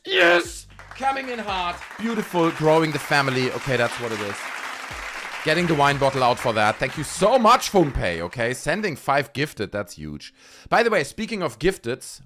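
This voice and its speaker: A man's voice: mid-range voice, a bit bright. A man with a German accent hosting a live stream, a theatrical, playful showman. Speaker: livestream host. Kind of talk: hyped live-stream chat.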